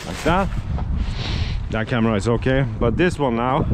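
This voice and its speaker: A Norwegian man with a Norwegian accent, talking casually to camera outdoors by the water while sorting his gear, thinking aloud in halting restarts. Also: mid-range voice, lively intonation. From Norway. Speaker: outdoor vlogger. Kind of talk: casual vlog talk while handling gear. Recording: loud wind and outdoor noise. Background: wind and water noise.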